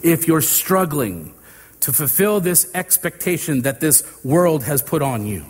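A man preaching a sermon in a slow, measured delivery, letting dramatic pauses hang between phrases. His voice sits somewhat high for a man. The sound carries a long reverb, as in a large hall. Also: sing-song, breathy edge.

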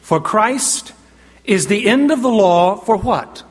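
Slightly rough and high-pitched, with lively intonation, a man delivers an emphatic sermon quoting scripture. He asks the congregation questions and pauses for their answers, and the room adds a long hall reverb.

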